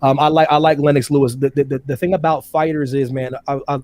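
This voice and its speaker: A man co-hosting a casual debate show, animated, talking about fighters and slipping into quick impressions of them. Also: no echo. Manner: animated, swings loud and high when excited; impersonates fighters mid-talk.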